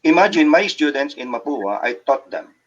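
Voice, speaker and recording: A man's voice: medium pitch, lively intonation, moderate pace, highs cut off, a loud crowd. An older man with a Filipino accent, a guest engineer on a talk show, lecturing indignantly and mixing English with Tagalog. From Philippines. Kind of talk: emphatic radio talk show interview.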